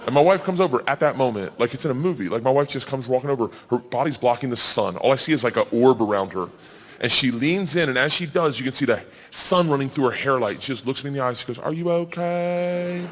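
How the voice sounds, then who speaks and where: A man in his forties doing stand-up storytelling, loud and animated, yelling the quoted lines. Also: medium pitch, fast, big-room sound. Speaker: stand-up comedian. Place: comedy stage.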